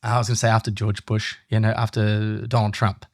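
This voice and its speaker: A man's voice: lowish voice, monotone, brisk, dry recording, clean studio sound. Rambling man, podcast host. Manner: rambling, self-interrupting, goofy asides. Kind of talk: casual podcast chat.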